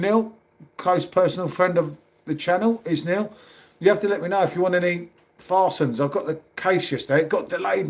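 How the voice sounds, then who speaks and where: A middle-aged man with a London accent hosts a casual livestream, greeting viewers and answering their comments. He talks in a chatty, matey way and calls everyone mate. His voice sits a little on the high side for a man. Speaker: livestream host. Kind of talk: casual live chat reading comments.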